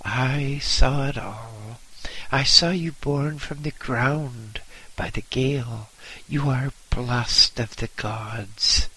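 A man's voice: mid-range voice, takes it slowly, sharp tone, husky, full character voice, rough recording. A man doing a soothing old lama. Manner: soothing, reassuring.

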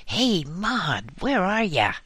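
A man voicing a loud, blustering, gossiping old working-class woman who yells and scolds. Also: a bass voice, lively intonation, slow pace, dry recording, heavily acted. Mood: loud indignant. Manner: roaring, yelling, exasperated.

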